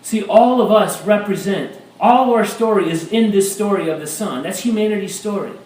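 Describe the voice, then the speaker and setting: High-voiced preaching man in echoey hall. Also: normal speed. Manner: animated preaching, rising to shouts. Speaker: pastor. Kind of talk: sermon. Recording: echoey room, mic at a distance.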